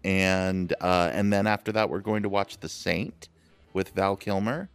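A man hosting a podcast in relaxed, rambling casual chat with many fillers. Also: low voice, measured pace, clear, resonant tone, no room sound, faint music behind. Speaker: podcast host.

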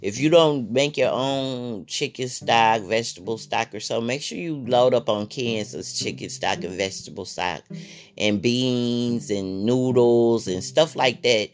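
A man's voice: medium pitch, a little slow. A man hosting a podcast, talking through a casual spiritual monologue in a blunt, profane way, often repeating his phrases. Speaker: podcast host.

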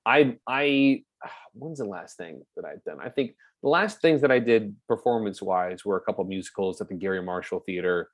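A man's voice: fairly low pitch, expressive, moderate pace, no room sound. A man being interviewed on a podcast, chatting casually and hesitantly, with many fillers. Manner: hesitant, full of fillers and restarts. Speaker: podcast guest, actor.

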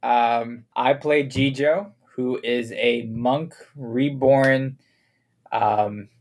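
A man's voice: medium pitch, steady tone, drawn-out words. A man playing a tabletop role-play game, casual and joking, with some swearing. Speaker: player.

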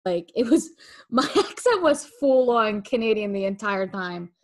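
A young woman joins a podcast chat with a playful, teasing manner and throws in casual swearing. Her pitch is mid-range. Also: lively intonation, unhurried, darkish tone. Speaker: podcast co-host.

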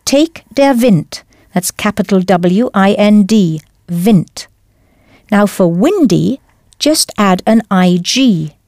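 Slow, lively woman teaching a language. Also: medium pitch, no room sound, clean studio sound. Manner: clear, careful teaching delivery, spells out words. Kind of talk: scripted language lesson narration.

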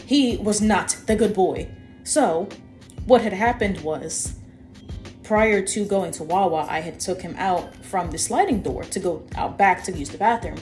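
A young woman co-hosting a podcast, telling a personal story in a lively, chatty way and talking straight to her listeners. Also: medium pitch, unhurried, faint music behind. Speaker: podcast co-host. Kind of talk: casual storytelling.

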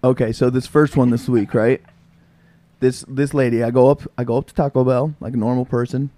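A man's voice: medium pitch, steady tone, fairly quick, dark tone. A young man co-hosting a casual podcast, telling a story in a loose, chatty way and swearing freely. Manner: storytelling, swears freely, acts out quoted people. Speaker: podcast co-host. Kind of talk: casual chat.

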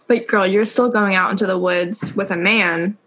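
A woman's voice: mid-range voice, steady tone, normal speed, fairly bright tone, poor audio. A young woman co-hosting a podcast, chatting animatedly about a book with giggles and fillers. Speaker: podcast co-host. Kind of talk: casual chat about a book.

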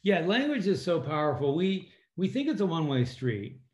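A middle-aged former submarine captain turned author tells stories as an interview guest, animatedly quoting people in lively voices. His voice is a little high and moderately paced, and the sound is roomy and slightly dull.

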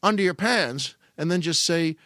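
A man's voice: a little high, moderate pace, bright, forceful tone, no room sound, clean studio sound. A middle-aged man telling a funny family story in casual monologue, self-mocking and full of restarts. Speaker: podcast host.

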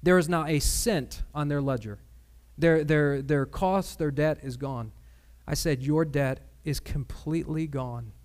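Pria berkhotbah dengan sungguh-sungguh. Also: male voice, fairly high pitch, darkish tone. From Michigan. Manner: earnest, measured, with many pauses and fillers. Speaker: preacher. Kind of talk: sermon with personal testimony.

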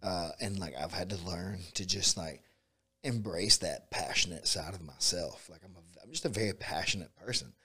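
A man who coaches jiu-jitsu and MMA, talking in a relaxed, rambling way and often saying "dude" and "like". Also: sits low, normal speed, breathy edge. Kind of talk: casual conversation.

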